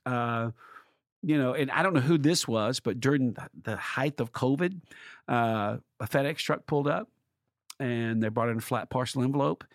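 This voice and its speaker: A man, a pastor, telling church stories in a conversation, animated and acting out the quotes of people he talks about. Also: medium pitch, moderate pace, no room sound, clean studio sound. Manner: animated, acts out quoted dialogue with voice shifts. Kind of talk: storytelling in a conversation.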